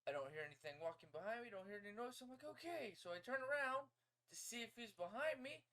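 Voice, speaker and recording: A man co-hosting a podcast, chiming in with a relaxed, drawling story and chuckling along. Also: high voice, fast talker. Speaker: podcast co-host. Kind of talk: casual chat.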